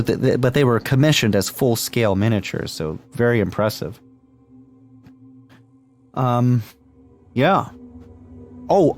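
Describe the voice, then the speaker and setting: A man co-hosting a movie podcast, chatting casually with many fillers and restarts and laughing often. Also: medium pitch. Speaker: podcast co-host.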